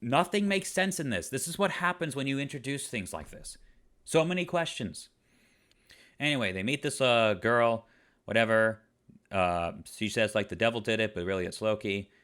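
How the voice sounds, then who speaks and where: A man in the middle of a ranting review. His pitch sits in the middle, and he keeps piling up exasperated rhetorical questions about what makes no sense. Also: animated, moderate pace, fairly bright tone. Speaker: online reviewer.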